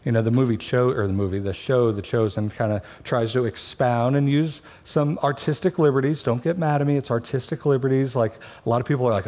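A man's voice: mid-range voice, brisk, few pauses, darkish tone. Guy pastor preaching, chatty and jokey, mid-range voice. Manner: conversational, joking asides. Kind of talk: sermon.

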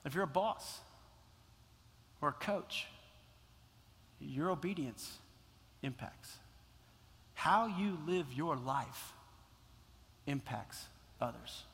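A man's voice: a little high, expressive, slow, pauses often, a bit bright, husky, long reverb tail. A male pastor preaching a sermon in a church, impassioned and repeating phrases for emphasis. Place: church sanctuary.

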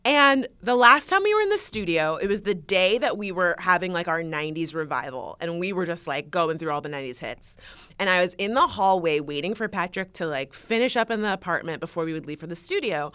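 A woman's voice: fairly low pitch, brisk, clear, resonant tone, dry recording. A woman co-hosting a casual studio chat, telling stories animatedly and acting out arguments with lots of swearing. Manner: animated storytelling, acts out arguments, swears often. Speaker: podcast co-host.

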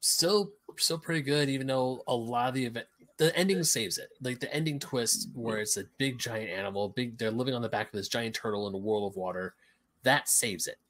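A man co-hosting a casual review chat, his voice sitting in a middle pitch. He speaks in a relaxed, plain way. The talk stays easygoing and unhurried. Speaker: podcast co-host.

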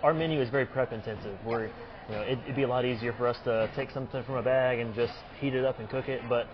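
A man who owns a restaurant, explaining his dishes in a relaxed, halting way with frequent ums. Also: mid-range voice, lo-fi sound, background noise. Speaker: restaurant owner. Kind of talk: casual on-location interview. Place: restaurant dining room.

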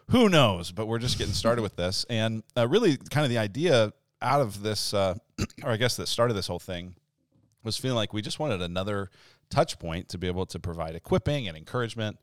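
A man in his forties, a pastor hosting a casual church podcast, easygoing and quick to laugh. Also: lowish voice, expressive, dry recording, studio quality. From Denver, Colorado.

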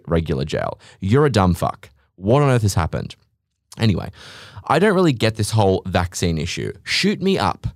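A man's voice: dry recording, clean studio sound. Podcasthost, Australische man, lage stem, sarcastisch tierend en vloekend, droge opname. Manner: sarcastic, ranting, swears freely; animated, mimics others in high voices. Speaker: podcast host, business owner. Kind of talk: casual podcast monologue.

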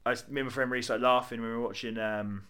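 A man's voice: medium pitch, fairly even intonation, quick pace, sharp tone, clean tone. A young man rambling through a casual, jokey film chat with lots of fillers.

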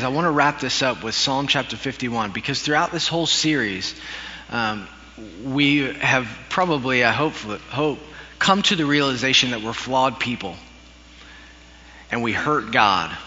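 A man's voice: mid-range voice, moderate pace, pushed and bright, slight background noise. A man preaching a sermon, telling a story from his childhood in an earnest way with some self-deprecating humor. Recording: dull recording with long hall reverb.

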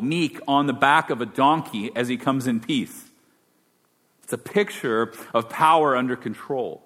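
Preaching man in a reverberant hall. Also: medium pitch. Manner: conversational preaching, shifting from quiet to emphatic. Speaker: pastor. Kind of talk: sermon.

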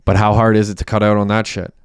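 A man's voice: fairly low pitch, little pitch movement, fast, smooth, dry recording, studio quality, close to an everyday voice. A man reading the lines of a young gang member with a bad back in an audiobook, clipped and cursing. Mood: guarded.

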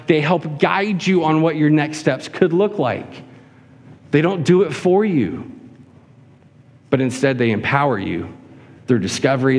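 A man preaching a sermon as a pastor, earnest and full of rhetorical questions. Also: on the high side. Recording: hall reverb.

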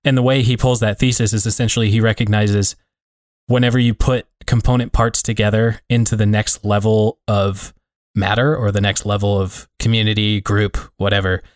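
Low-voiced man musing on a podcast. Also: level tone, moderate pace, dry recording, studio quality. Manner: reflective, rambling, many fillers. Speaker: podcast co-host. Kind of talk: casual conversation.

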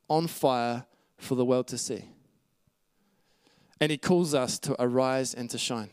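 A man's voice: a little high, moderate pace, clear, resonant tone, dry recording. Earnest man preaching a sermon. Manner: earnest teaching with scripture references, occasional light laughs.

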